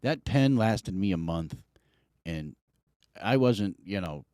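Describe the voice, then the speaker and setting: A middle-aged man spins a long, profane story on a podcast. His voice swings widely in pitch as he acts out what everyone said. The sound is dry and close. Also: takes it slowly, clean tone, no room sound. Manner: animated, profane, acts out quotes. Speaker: podcast co-host. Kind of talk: casual storytelling chat.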